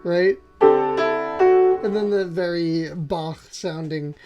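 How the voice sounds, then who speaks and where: A man's voice: on the high side, fairly even intonation, extremely slow, lo-fi sound. A man hosting a piano channel, walking through music theory with enthusiasm and often checking in with "right?". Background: faint piano playing.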